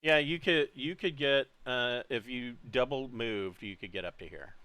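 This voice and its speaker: A man's voice: medium pitch, normal speed, pushed and bright, clean tone, no echo. A man running a tabletop game as game master, easygoing and thinking aloud as he goes.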